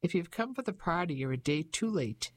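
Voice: medium pitch, expressive, a little fast, dry recording, natural voice. A reader voicing a haughty, defiant middle-aged Englishwoman who speaks in an indignant, officious way in an audiobook. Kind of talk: audiobook character voice.

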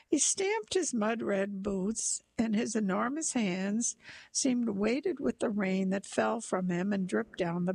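A woman reads a literary short story aloud, unhurried and measured. Her voice sits in a middle range with a gravelly, creaky texture, and the delivery stays softly dramatic throughout. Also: medium pitch, low-quality recording. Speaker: narrator.

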